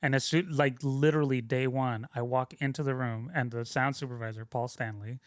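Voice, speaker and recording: A young man rambles casually through career stories, stopping and restarting with plenty of fillers. His voice sits at a middle pitch. The recording is dry and close. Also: fairly even intonation, brisk, no room sound. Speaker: guest, film sound mixer. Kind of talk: casual interview storytelling.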